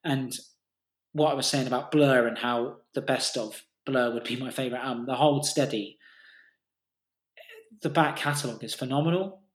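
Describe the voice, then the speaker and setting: A man's voice: mid-range voice, normal speed, long pauses, echoey room. A man co-hosting a casual music podcast, talking enthusiastically and rambling with restarts and the odd swear. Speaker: podcast co-host.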